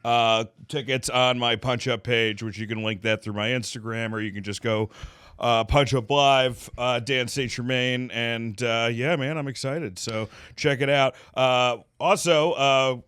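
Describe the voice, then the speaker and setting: A man's voice: mid-range voice, steady tone, measured pace, fairly bright tone, clear, resonant tone, no room sound, clean studio sound. An American man co-hosting a podcast, loose and profane, joking at his own expense. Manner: loose, profane, self-mocking. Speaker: podcast co-host. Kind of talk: casual banter.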